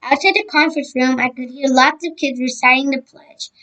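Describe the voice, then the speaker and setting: A woman's voice: high-pitched, fairly quick, sharp tone, low-quality recording. A woman reading a children's book aloud, stumbling over words now and then and adding her own side comments. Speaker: reader.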